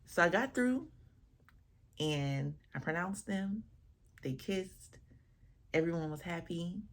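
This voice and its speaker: A woman wedding officiant telling a casual storytime about her first ceremony, animated and expressive as she acts out what people said. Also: on the low side, slow.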